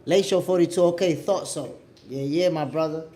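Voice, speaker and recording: Animated New York man on a livestream. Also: a little high, normal speed. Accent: New York City. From New York City. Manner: animated, repeats himself, talks straight to viewers. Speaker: boxing show host. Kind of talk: casual livestream chat. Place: home, at the Dominican Republic.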